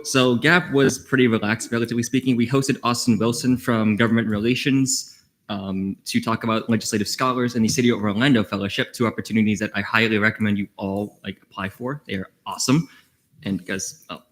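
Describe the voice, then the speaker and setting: Fast-talking playful young man. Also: lowish voice. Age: young adult. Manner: playful, chatty, quips and trivia asides. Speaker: committee chair giving a report. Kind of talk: jokey committee report at a student meeting.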